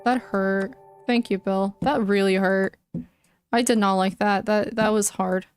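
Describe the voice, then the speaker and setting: This young adult chess streamer chats emotionally and casually with viewers, using "like" constantly as filler. Her tone is steady and her mid-range voice a little slow, with soft music playing behind her.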